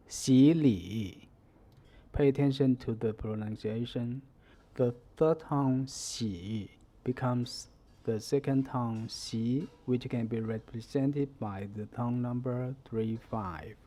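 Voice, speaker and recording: Man, Mandarin teacher, scripted lesson, slow deliberate delivery, warm low timbre. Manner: measured, deliberate explaining.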